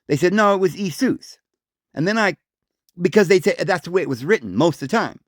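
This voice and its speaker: A man's voice: lively intonation, fast talker, dry recording. Emphatic man with a dry close sound. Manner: emphatic, insistent, repeats points; acts out voices calling out a name in raised pitch. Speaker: host. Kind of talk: solo religious talk monologue.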